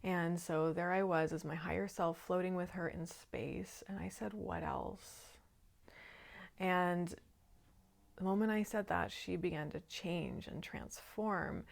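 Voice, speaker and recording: Calm earnest woman talking spiritual stuff, lowish voice with some vocal fry. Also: unhurried. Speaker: shadow work coach. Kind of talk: personal spiritual talk.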